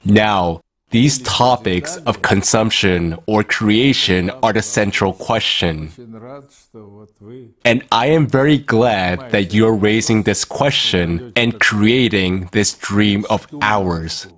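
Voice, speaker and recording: A man giving a slow, measured formal speech at an online conference. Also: lowish voice, a bit bright. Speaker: conference speaker.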